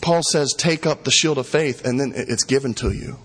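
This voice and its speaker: A man's voice: mid-range voice, a little fast, fairly bright tone, breathy edge. A middle-aged man, a pastor, preaching a sermon, emphatic and repeating key phrases for stress.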